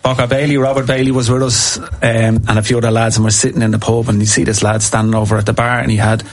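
A man, a former footballer telling animated stories in casual chat and acting out what people said. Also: on the low side, fast. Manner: animated anecdotes, acts out quotes. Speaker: former footballer, podcast guest.

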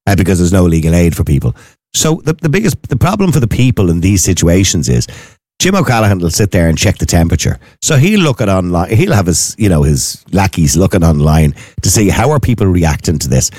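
A man's voice: low-pitched, big pitch swings, brisk, a little mellow, no room sound, studio quality. An Irish man co-hosting a casual chat, asking questions and chatting wryly. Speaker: podcast co-host.

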